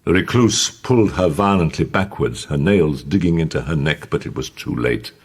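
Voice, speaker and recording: A man narrating an audiobook in an expressive, dramatic way. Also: extremely low pitch, moderate pace, slightly rough.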